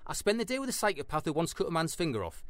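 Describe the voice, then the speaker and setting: An actor playing an impatient, sarcastic documentary interviewer in a comedy sketch. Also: male voice, fairly high pitch, sing-song, very fast, no echo. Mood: exasperated. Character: exasperated male documentary interviewer chasing violent stories. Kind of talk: scripted comedy dialogue.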